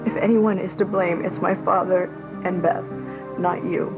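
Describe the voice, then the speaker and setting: A woman's voice: fairly low pitch, steady tone, loud music behind the voice, lightly acted, rough recording. Actress playing a tearful remorseful young mother. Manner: tearful, halting and pleading. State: near tears. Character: remorseful young mother confessing to her former love. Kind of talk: daytime soap opera acting.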